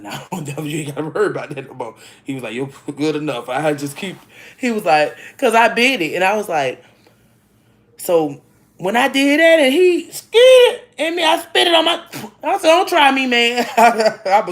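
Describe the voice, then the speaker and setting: A woman telling stories in a casual vlog from home, laughing often and talking bluntly with many restarts. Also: medium pitch. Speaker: vlogger. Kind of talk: casual storytelling chat. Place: home, indoors.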